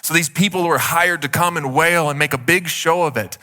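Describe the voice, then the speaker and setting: Bright-voiced male pastor preaching casually. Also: a little high, normal speed. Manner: conversational, heavy use of "like". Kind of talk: sermon.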